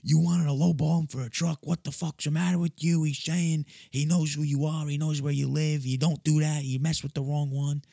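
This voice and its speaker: A man voicing an angry middle-aged mother who scolds her son in a raised, higher voice. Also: level tone, moderate pace, gravelly, few pauses, warm tone, no echo, studio quality.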